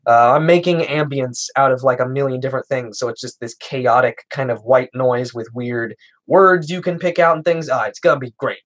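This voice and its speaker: A man's voice: mid-range voice, moderate pace. A young man streaming, answering chat questions in a casual, rambling way, hesitating often and chuckling. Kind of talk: casual livestream Q&A.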